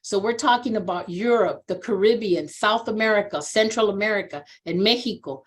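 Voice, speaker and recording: A woman in her sixties, a social worker being interviewed, who tells stories animatedly and earnestly, sometimes acting out what people said. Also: a little fast. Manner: animated storyteller who acts out quoted voices with big pitch jumps; earnest and reflective on personal topics. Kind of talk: conversational interview, storytelling.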